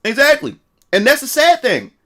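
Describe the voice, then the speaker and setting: A man's voice: very high voice, huge pitch swings, normal speed, fairly bright tone. A man telling a story in a casual livestream rant, profane and repetitive. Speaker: streamer.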